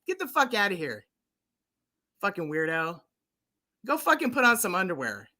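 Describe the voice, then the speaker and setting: A livestream host from the United States argues in a confrontational, profane manner, going over the same points again and again. Her mid-range voice is sing-song, pushed and bright, at a moderate pace.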